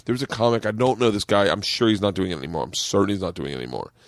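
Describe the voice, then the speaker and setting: A man hosting a podcast, telling stories in casual chat and jumping into high, exaggerated voices when he quotes people, a little drunk. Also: racing, no room sound, studio quality. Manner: animated storyteller, jumps into high voices for quotes. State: tipsy. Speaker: podcast host.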